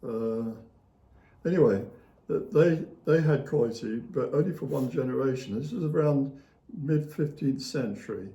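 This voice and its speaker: In a casual storytelling conversation, a male author being interviewed retells history in a meandering, anecdotal fashion, full of fillers and quiet chuckles. His voice is warm, mid-range and unhurried. The recording has an echoey room sound.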